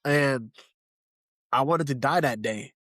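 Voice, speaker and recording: A young man from Haiti, appearing as a podcast guest, shares an earnest, emotional personal testimony, repeating phrases for emphasis. His medium-pitched voice is a bit bright and slow, recorded at studio quality with no room sound.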